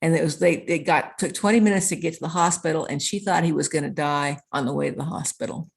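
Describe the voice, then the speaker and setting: Lower-voiced woman author as interview guest, earnest storyteller who chains clauses together. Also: fairly even intonation, fast talker, creaky. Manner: earnest, piles up clauses with repeated "and".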